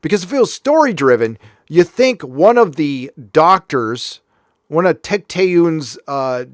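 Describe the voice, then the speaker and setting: A man's voice: a little high, sing-song, unhurried, dry recording, studio quality. A man from California hosting a show, ranting in a casual, sarcastic way. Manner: sarcastic, heated. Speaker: host. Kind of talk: casual commentary rant.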